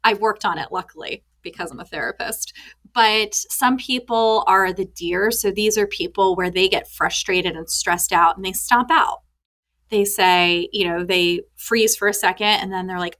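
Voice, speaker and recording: A woman therapist in her thirties, a podcast guest, who tells animated stories and acts out the quotes in them. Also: mid-range voice, moderate pace. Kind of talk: podcast interview.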